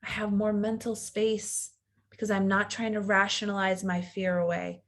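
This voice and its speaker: A woman's voice: medium pitch, level tone, normal speed. A woman in her thirties, a coach giving an earnest, reflective teaching talk and sometimes acting out the inner voice of fear.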